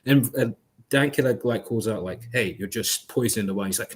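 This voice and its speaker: A man's voice: lowish voice, a little fast, breathy edge. Man mocking others in chatty banter. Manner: mocks others with quoted impressions. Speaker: podcast panelist. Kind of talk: casual chat.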